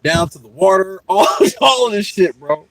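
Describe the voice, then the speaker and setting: Profane, animated young man telling stories. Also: sits high, moderate pace, a crowd in the background, rough recording. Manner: profane, animated, laughing storyteller. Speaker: podcast host. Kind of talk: casual storytelling chat.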